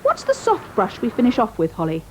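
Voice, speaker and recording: A woman's voice: a little high, huge pitch swings, fairly quick. A woman, a children's TV presenter, encouragingly quizzing kids on what they have learned. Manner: bright, encouraging questioner. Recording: dull, noisy early-1990s TV audio.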